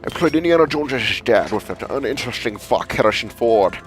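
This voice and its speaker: A man's voice: mid-range voice, expressive, a little fast, faint music behind, natural voice. A man doing an impression of a suave older male film star, with a smug, drawling delivery.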